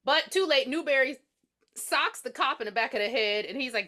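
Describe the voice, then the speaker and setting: A woman's voice: sits high, a little fast. A woman co-hosting a podcast, recapping a movie in casual, profane chat and acting out the characters' lines as she goes. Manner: animated, profane retelling that acts out the characters' lines. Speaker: podcast co-host.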